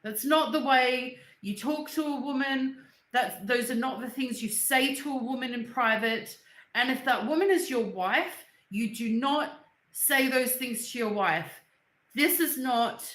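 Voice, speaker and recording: In an echoey room, a young female livestream host vents bluntly and angrily in a casual stream, swearing and going over the same points repeatedly. Her pitch is fairly high and her tone fairly bright.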